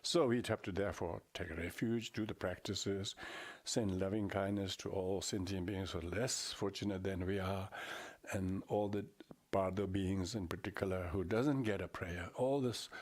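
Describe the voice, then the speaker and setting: Older man, lowish voice, Buddhist teacher, halting, repeats words. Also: darkish tone, slightly rough. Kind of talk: dharma talk.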